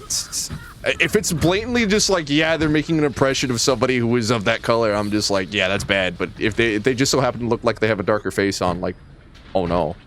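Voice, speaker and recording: A man's voice: mid-range voice, quick pace, fairly bright tone, slight background noise. A man co-hosting a casual gaming chat, teasing his friends and laughing easily. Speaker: co-host.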